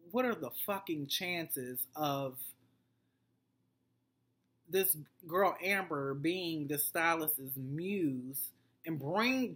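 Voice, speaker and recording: A TV recap vlogger with a notably low, slightly bright voice goes over a reality show in a casual vlog. She's blunt and profane, rambling along with fillers and restarts.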